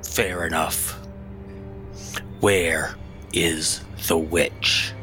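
Male player, very low and slow, bright forceful tone, terse and stoic. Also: little pitch movement, soft background music. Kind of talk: playing a character in a tabletop game.

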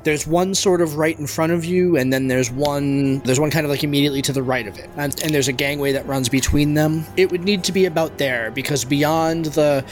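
A man's voice: a little high, steady tone, brisk, few pauses, faint music behind. Man running a tabletop game. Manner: descriptive, with frequent restarts. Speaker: game master.

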